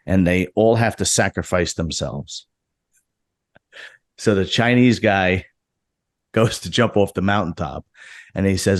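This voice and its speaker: A man's voice: deep voice, no room sound, studio quality. A man hosting a casual podcast, joking and swearing, with lots of restarts. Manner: loose, swearing, jokey, frequent restarts. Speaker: podcast host. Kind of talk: casual locker room chat.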